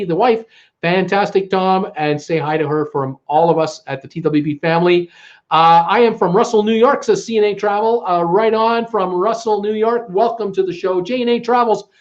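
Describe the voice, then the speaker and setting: A man's voice: sits high, highs cut off. A man with a Canadian accent hosting a live stream, greeting viewers and reading their comments aloud, chatty and stumbling over names. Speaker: livestream host.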